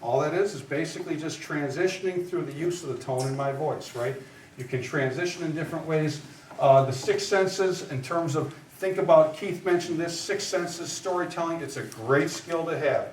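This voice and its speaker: A man whose voice is on the high side and whose pace is moderate teaches trial advocacy to lawyers in a live lecture. His delivery is conversational and emphatic, punctuated by "right?" and "okay?", and the distant recording picks up room echo and faint noise.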